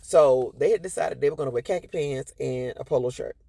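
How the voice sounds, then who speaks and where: A quick, sassy woman tells a family story straight to her followers. Her voice is gravelly and husky, and she jumps up high in pitch whenever she acts out what someone said. The sound is dry and close, with no room around it. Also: mellow, no echo. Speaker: vlogger telling a personal story.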